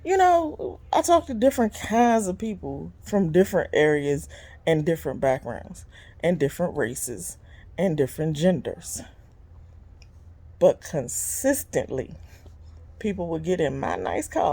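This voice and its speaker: Animated, exasperated woman venting on camera. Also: normal speed. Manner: animated and exasperated, big jumps in pitch when quoting people; blunt and conversational, with frequent laughs. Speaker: vlog host and business owner. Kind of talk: casual venting monologue.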